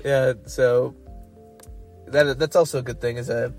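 Animated Canadian man telling stories. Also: mid-range voice, measured pace, faint music behind. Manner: animated storyteller, laughs often. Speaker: podcast co-host. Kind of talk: casual chat.

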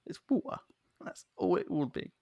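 A man's voice: medium pitch, lively intonation, normal speed, gravelly, no echo, dull audio. A man from London with an English accent, hosting a podcast interview in a chatty, self-deprecating way. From London, England. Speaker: podcast host. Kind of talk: casual interview chat.

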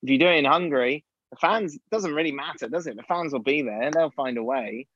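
A man's voice: on the high side, brisk, fairly bright tone, no echo, dull audio. A man, a podcast guest chatting casually and laughing often as he teases. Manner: laughs often, teasing and easygoing. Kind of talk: casual chat.

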